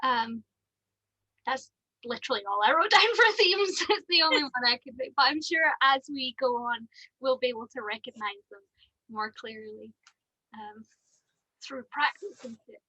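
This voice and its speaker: A woman's voice: high-pitched, moderate pace, sharp tone, no room sound, low-quality recording. A woman co-hosting a casual fan podcast, chatty and giggly, with lots of ums. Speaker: podcast co-host.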